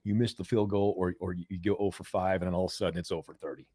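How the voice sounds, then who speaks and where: Lowish-voiced American coach, dry sound. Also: male voice, fast talker, slightly rough, no room sound. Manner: animated, repeats words, acts out quoted voices loudly. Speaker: mental performance coach, guest. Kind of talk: conversational interview storytelling.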